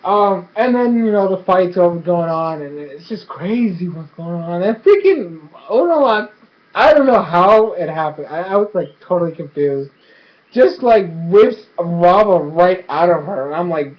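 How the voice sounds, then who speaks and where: A man giving a casual, rambling show review, excitable and full of fillers and restarts. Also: a little high, a little slow. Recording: dull lo-fi recording.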